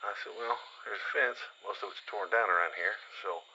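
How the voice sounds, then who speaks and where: A man with a deep voice and a hard, bright edge rambles through a first-person survival story. He talks loosely, with lots of fillers and casual swearing. The recording is dull and lo-fi, with a faint hiss underneath. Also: moderate pace.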